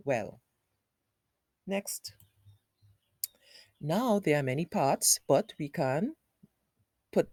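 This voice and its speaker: Woman, phonics teacher for small children, very slow and patient, dark mellow voice, repeats each sound. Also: deep voice, dry recording, clean studio sound.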